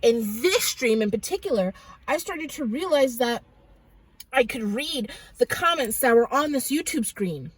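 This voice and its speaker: A woman's voice: on the high side, animated, a little slow, husky, no room sound, low-quality recording. A woman vlogger telling a dream testimony in a rambling, dramatic way with many fillers. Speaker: Christian vlogger.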